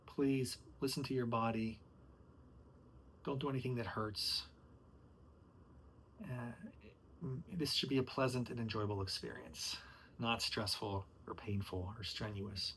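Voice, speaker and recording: A man hosting his own podcast, practicing how to lead a chair yoga class, with slow soothing cues broken by frustrated, joking asides where he swears and says "dude.". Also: medium pitch, steady tone, a bit bright, slight background noise. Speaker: podcast host rehearsing as yoga instructor.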